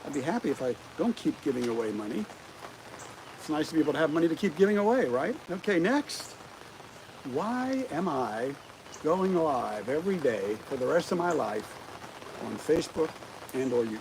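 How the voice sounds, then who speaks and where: A middle-aged man hosting a casual livestream outdoors, animated and always asking his viewers rhetorical questions. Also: a little high, normal speed. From United States. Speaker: livestream host. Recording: rain noise clearly audible outdoors.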